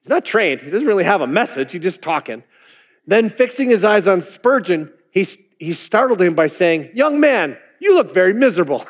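A man's voice: sits high, animated, normal speed, big-room sound. A man preaching a sermon as pastor, in a conversational way, with chuckling asides.

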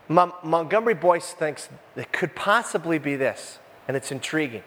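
A man preaching a sermon in a conversational, animated way, full of jokey asides. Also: high-pitched, brisk, hardly any pauses, long reverb tail. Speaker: pastor. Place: church room with a congregation.

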